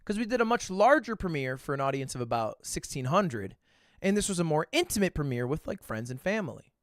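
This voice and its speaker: A man's voice: on the high side, big pitch swings, a little fast, no echo, studio quality, pitched below the performer's own voice. A man doing a polite young actress.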